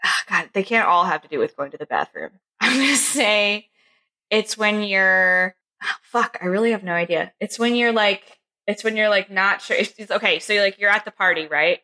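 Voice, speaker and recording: Giggly, animated woman guest on a podcast. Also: mid-range voice. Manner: giggly, animated and quick to joke. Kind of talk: casual podcast chat.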